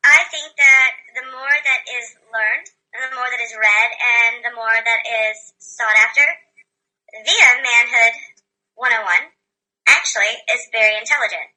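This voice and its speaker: A woman's voice: on the high side, unhurried, pushed and bright, low-quality recording. A woman being interviewed in a playful voice chat, flirty and coy in how she answers. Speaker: interview guest. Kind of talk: comedic voice chat banter.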